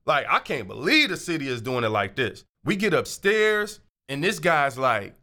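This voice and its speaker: A man hosting his own show, telling a casual, animated story and acting out the voices of people in it. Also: fairly high pitch, normal speed, few pauses. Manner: animated, acts out quoted voices. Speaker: show host.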